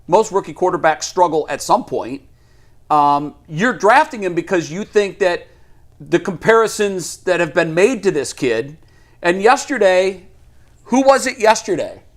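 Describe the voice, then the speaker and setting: A man's voice: high voice, expressive, measured pace. A man co-hosting a casual sports talk show, giving firm opinions and laughing at his own points. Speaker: sports radio co-host.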